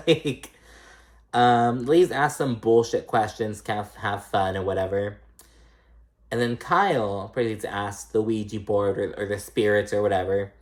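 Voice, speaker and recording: A man hosting a casual reality TV recap. He talks in a chatty, profane way and mimics the cast's lines in a higher pitch. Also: measured pace.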